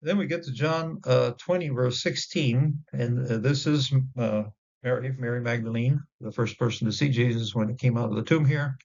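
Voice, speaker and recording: Halting man teaching, gravelly dull recording. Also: mid-range voice, darkish tone. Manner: halting, many fillers and restarts; sounds out Hebrew words slowly. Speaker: Bible teacher. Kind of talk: informal Bible word study.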